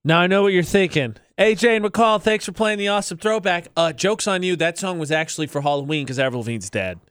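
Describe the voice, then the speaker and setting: A man's voice: high voice, quick pace, fairly bright tone, smooth, no room sound, studio quality. A man co-hosting a radio show, joking and sarcastic in casual banter. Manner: joking, sarcastic, playfully declarative. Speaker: radio co-host. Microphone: studio microphone.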